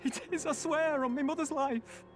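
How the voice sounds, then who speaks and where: A frightened young villager from a video game, stammering and pleading. His voice rides very high over a clear musical score. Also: steady tone, moderate pace, over music.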